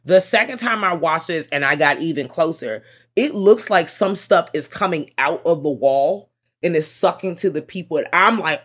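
Animated woman reviewing a film. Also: fairly low pitch, moderate pace, husky. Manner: animated, swears freely, quoting her own reactions. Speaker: podcast co-host. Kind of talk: casual chat reviewing a film.

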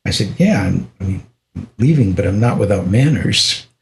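An older American man, a podcast guest, telling a personal story in a reflective, unhurried way, with frequent restarts and small laughs. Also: sits low, animated, vocal fry. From United States.

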